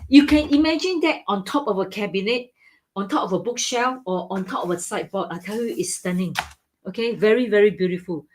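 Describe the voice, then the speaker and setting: A woman's voice: medium pitch, fairly quick. Enthusiastic woman selling antiques on a live stream. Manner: enthusiastic, repeats "okay?" and "right?", non-native grammar. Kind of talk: live-stream sales chat.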